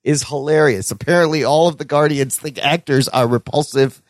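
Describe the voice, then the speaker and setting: A man co-hosting a podcast, chatting casually and excitedly and laughing as he retells scenes. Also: on the high side, moderate pace, no room sound, studio quality. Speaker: podcast co-host. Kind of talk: casual chat.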